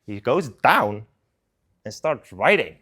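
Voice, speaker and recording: A young man gives a casual sermon at a student service. He retells the story in an animated, conversational way. His speech is loose and full of filler like "like". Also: mid-range voice, slow pace, husky. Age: young adult.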